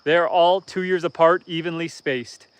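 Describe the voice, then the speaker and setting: Easygoing Canadian homesteader, clear voice. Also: male voice, fairly high pitch, fairly even intonation, unhurried, no room sound. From northern Canada. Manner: easygoing and rambling, reads viewer comments aloud. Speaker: homesteading livestream host. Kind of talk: casual livestream chat. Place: outdoors on a homestead.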